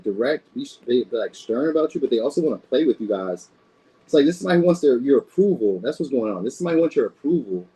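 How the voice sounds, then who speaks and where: A man talks through a tarot reading in a relaxed, rambling way, cursing freely. His voice is warm and dark in tone, with a husky edge. The pitch sits in a middle range. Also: rough recording. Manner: loose, rambling, swears freely. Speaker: tarot reader.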